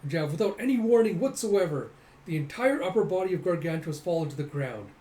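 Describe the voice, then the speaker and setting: A man's voice: fairly high pitch, animated, fast talker, warm tone. A man hosting a casual comic readthrough who narrates the action animatedly and voices the sound effects. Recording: echoey room, faint noise.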